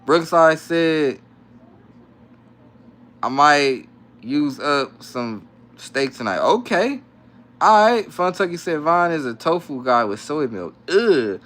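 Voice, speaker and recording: A man's voice: on the high side, lively intonation, slow pace, long pauses, a bit bright. A young adult man casually chatting on a live stream from home, reading comments aloud with laid-back, slangy banter and frequent laughs. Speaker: livestream host. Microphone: phone.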